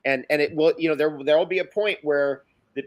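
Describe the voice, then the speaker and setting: A man with a somewhat high pitch holds forth in casual conversation. He makes emphatic, sweeping statements and keeps repeating his points for weight. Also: a little fast, no room sound. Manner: emphatic, sweeping, repetitive declarations. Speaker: guest.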